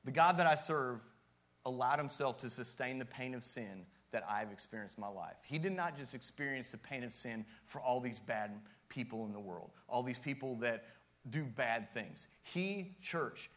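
A man's voice: mid-range voice, a bit bright. A man preaching a sermon as youth pastor, casual and joking at times, with strong emphatic rises.

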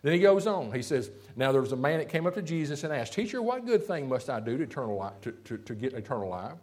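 A man's voice: mid-range voice, fast. A man preaching a sermon as a pastor, talking straight to the congregation and checking in often with "see?" and "okay?". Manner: lively preaching with frequent "see?" and "okay?" asides.

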